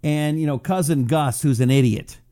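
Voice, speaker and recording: A middle-aged radio talk show host chats casually on a live stream, reading out viewer check-ins. His voice is a little high and mellow, at a moderate pace. The studio-quality recording has no echo.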